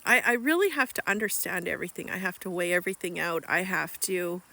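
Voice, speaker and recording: A woman's voice: fairly low pitch, fast, vocal fry, pushed and bright. A middle-aged woman, an author, talking candidly to camera outdoors by a lake, cold and freezing, reflective and self-deprecating with many fillers. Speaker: author and vlogger. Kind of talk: casual reflective vlog monologue.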